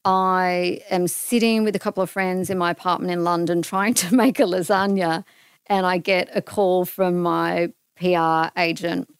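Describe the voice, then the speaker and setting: A middle-aged Australian woman with a lowish, clear, resonant voice tells a personal story at a moderate pace as a podcast guest. She's animated in the casual conversation, acting out the dialogue, and the studio-quality recording has no echo.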